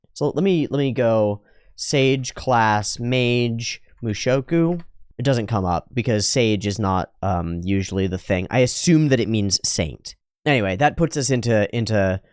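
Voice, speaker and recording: A man giving sarcastic, profane commentary on an anime. His pitch is very lively, and he is recorded on a close, dry mic. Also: clear, resonant tone, no room sound. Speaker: anime reaction host.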